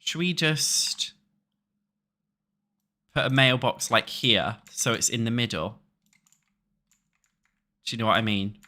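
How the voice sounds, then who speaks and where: Streaming a building game, a young British man chats with viewers in a relaxed way and swears freely. His medium-pitched voice is animated yet slow, pushed and bright, with frequent pauses.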